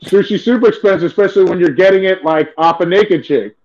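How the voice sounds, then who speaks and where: A man talks in a loose, profane ramble, packed with filler words. His voice sits high for a man. The recording sounds dull and lo-fi. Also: quick pace, a little mellow. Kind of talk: crude comedic casual chat.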